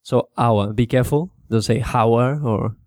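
A man teaching English to Spanish speakers in a casual spoken lesson, repeating words slowly to show how they sound. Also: mid-range voice, no echo, studio quality. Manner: relaxed, repeats words slowly to model pronunciation, mixes in Spanish.

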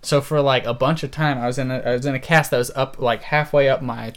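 A man in his twenties, a podcast co-host, telling a story in casual chat, animated and laughing often. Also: medium pitch, fast talker. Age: 20s.

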